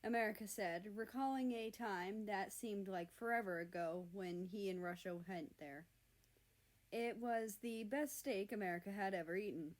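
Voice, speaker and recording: A woman reading a fan fiction story aloud in an earnest, expressive narration. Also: mid-range voice, normal speed.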